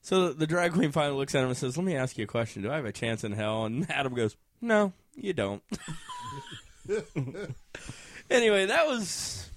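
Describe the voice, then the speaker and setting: A man's voice: medium pitch, big pitch swings, brisk, slight background noise. Laughing man telling a story. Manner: laughs often, acts out other people's lines. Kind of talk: casual anecdote telling.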